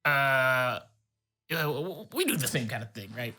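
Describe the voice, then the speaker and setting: A man's voice: mid-range voice, sing-song, normal speed, sharp tone. A man doing a cocky New York kobold. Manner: cocky, brash. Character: tiny cocky male kobold gunsmith.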